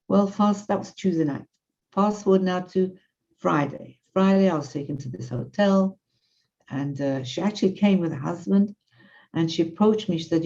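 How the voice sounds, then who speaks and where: A woman lecturer telling a story in an animated, conversational way and quoting the people in it. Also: lowish voice, normal speed. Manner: animated, conversational, quotes others. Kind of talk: storytelling in a class. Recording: muffled lo-fi audio.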